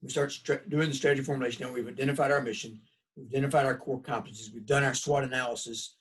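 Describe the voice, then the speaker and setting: Racing along in a mid-range voice, a college instructor from the American South delivers a recorded lecture from a distance, with slight background noise. His manner is folksy and conversational, full of animated storytelling.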